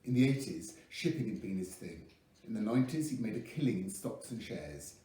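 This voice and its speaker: A man reading a novel aloud with lively expression. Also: lowish voice, fairly quick. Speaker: audiobook reader. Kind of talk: scripted narration. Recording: echoey room, mic at a distance.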